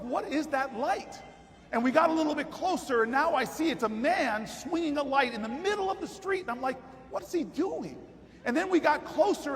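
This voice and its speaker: A man giving a political convention speech, telling a dramatic story in a rally style. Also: very high voice. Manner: vivid storytelling that builds to shouted rallying cries. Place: large convention hall. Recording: long hall reverb, faint crowd ambience.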